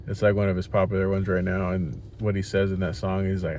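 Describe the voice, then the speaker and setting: A young man telling stories in a casual vlog, animated and swearing freely, tired after his workday. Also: low-pitched, brisk, slight background noise. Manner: animated retelling, swears freely, acts out quotes. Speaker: rideshare driver and vlogger. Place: inside a parked car.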